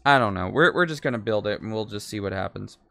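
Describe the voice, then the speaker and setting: Bright, crisp-voiced man in his twenties. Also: lowish voice, lively intonation, fast. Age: 20s. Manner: rambling, swears freely, talks to himself. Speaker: streamer. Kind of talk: casual chat while building a toy.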